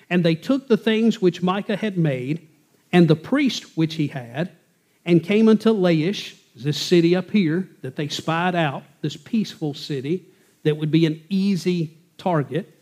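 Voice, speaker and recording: A man leads a Bible class in a relaxed, folksy manner, reading scripture aloud and then explaining it in plain talk. His voice sits somewhat high for a man. He talks easily and conversationally. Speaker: Bible teacher. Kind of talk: verse-by-verse Bible teaching.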